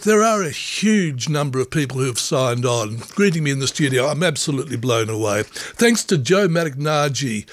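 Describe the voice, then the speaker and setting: A man with a fairly high voice reads name after name on community radio, grateful and upbeat as he thanks listeners. He sounds close and dry at the studio mic. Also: no echo. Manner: upbeat, grateful, rattling through names. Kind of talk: reading out listener memberships on air. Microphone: studio microphone.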